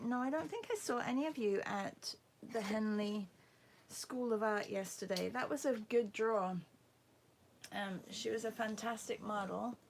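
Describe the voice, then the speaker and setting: A woman leads a relaxed livestream art class, taking her time as she chats and greets viewers by name. Her mid-range voice carries a gravelly fry, and now and then she drops into a near whisper. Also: medium pitch, background noise. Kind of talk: casual livestream art lesson.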